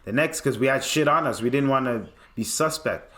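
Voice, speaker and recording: A man's voice: mid-range voice, fairly quick, few pauses, pushed and bright. A young man spins a casual podcast story in a middle-range voice. He is loose and profane, and he slips into quoted voices as he goes. The room gives his voice a noticeable echo. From Canada. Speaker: podcast host. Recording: roomy echo.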